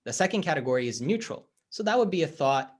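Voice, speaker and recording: A man who coaches people for a living talks through his ideas as an interview guest in a lively, expressive way. His voice sits a little high for a man and swings widely up and down as he leans into examples. He often slips into quick acted exchanges to make a point. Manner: animated, acts out dialogue in stories. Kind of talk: conversational explanation.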